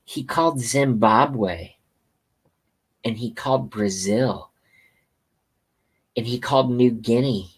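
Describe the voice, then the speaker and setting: Man, slow-paced, husky voice, crude repetitive political rant. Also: mid-range voice. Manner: profane, repetitive, rambling rant. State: hiccups. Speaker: political commentator. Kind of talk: ranting political monologue. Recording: outdoors, passing train nearby.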